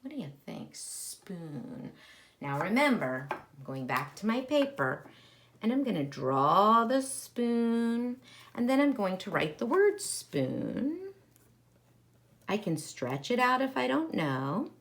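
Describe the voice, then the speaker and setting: A woman teaching a kindergarten lesson, talking directly to young children in a warm, exaggerated teacher voice with wide swings. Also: sing-song. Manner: slow, sing-song teacher voice with big pitch swings.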